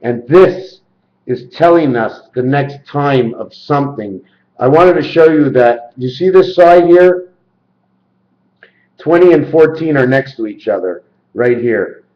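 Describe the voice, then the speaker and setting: A man talking to camera in a rambling monologue, jumping into quoted voices with sudden pitch leaps. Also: lively intonation, a little slow, reverberant, muffled recording. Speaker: video maker.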